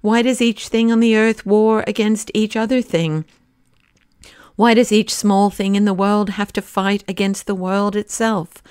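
A woman's voice: mid-range voice, measured pace, no room sound, studio quality, close to an everyday voice. A woman reading an earnest, troubled young man in an audiobook, speaking with heartfelt pleading. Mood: impassioned. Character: earnest, troubled young male poet-detective.

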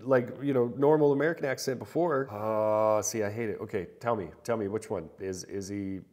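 A man hosting a reaction video, excitable and rambling as he talks straight to his viewers. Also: fairly low pitch, brisk. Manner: excitable, rambling, laughs often. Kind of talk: casual reaction commentary.

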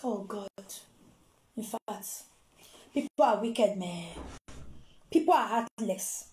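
A Nigerian woman telling a gossip story in an animated, exclaiming way and acting out the quotes. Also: medium pitch, unhurried, long pauses, roomy sound. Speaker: gossip vlogger.

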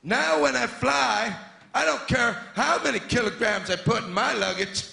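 A male stand-up comedian doing a brash, shouty set on stage before a live audience, with drawn-out punchlines. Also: very high voice, vocal fry. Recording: echoey venue with loud audience.

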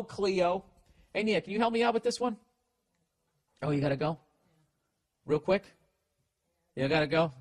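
A middle-aged man with a mid-range voice hosts a podcast, telling stories and ranting casually. He swears a lot, restarts loosely, and keeps things animated. The recording is dry.

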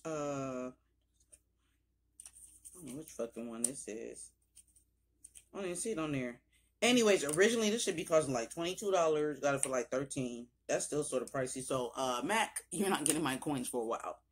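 A young woman filming a casual makeup haul, talking straight to her viewers with loose slang and cursing, and breaking into sudden high exclamations. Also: animated, fairly quick, pauses often, a little hiss or hum. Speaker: beauty vlogger.

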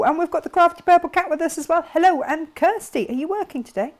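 The host of a craft shop live stream, a bubbly, chatty woman, reads out viewer comments and laughs often. She speaks fast in a very high-pitched voice.

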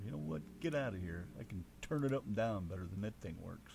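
A man's voice: fairly low pitch, expressive, fast talker, gravelly, music in the background. An American man co-hosting a casual radio show, joking, swearing freely and hamming up a mock British voice.

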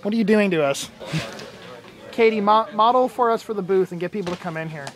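With a high voice and a fairly quick pace, this man hosts a casual flea market vlog from his booth, often joking and laughing. Behind him, the crowded market is noisy with a busy crowd and music.

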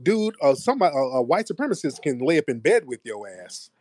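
A man's voice: mid-range voice, very animated, fast talker, a little mellow, no room sound. A man hosting a heated debate, pressing his points insistently. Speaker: host.

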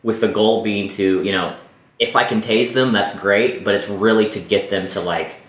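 A man's voice: on the low side, fairly even intonation, normal speed, fairly bright tone. A man playing a tabletop game, talking hesitantly with many restarts. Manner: hesitant, full of restarts and likes. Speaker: player. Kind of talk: casual tabletop game talk. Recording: echoey room.

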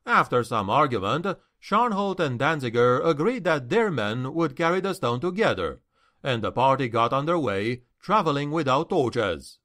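This man narrates a fantasy audiobook with lively, expressive storytelling. His pitch is medium and his pace moderate.

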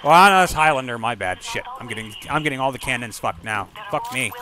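A man giving casual, rambling commentary while playing a video game, swearing freely and breaking into excited outbursts. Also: medium pitch, fast, few pauses, slight background noise. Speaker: gameplay streamer.

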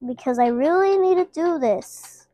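High-voiced woman chatting through a game. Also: animated, a little slow, dry recording, lo-fi sound. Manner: chatty, playful, talks to viewers. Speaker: gaming channel host. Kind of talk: casual gameplay commentary.

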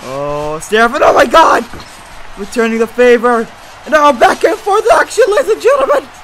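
Calling a hobby wrestling match, this commentator gives excited play-by-play that jumps from hushed comments to shouts, sprinkled with jokey, self-correcting asides. The medium-pitched voice runs at normal speed, and the poor audio carries a little hiss or hum.

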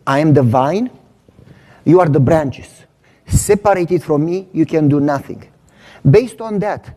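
A man preaching and answering audience questions, emphatic and teacherly, repeating key lines slowly. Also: fairly high pitch, mellow. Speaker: pastor. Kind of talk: sermon Q&A with audience.

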